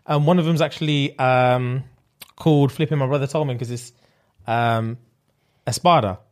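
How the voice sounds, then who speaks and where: A man's voice: medium pitch, steady tone, normal speed. A young man, co-hosting a podcast in casual chat and telling a story loosely with slang and fillers. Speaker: podcast co-host.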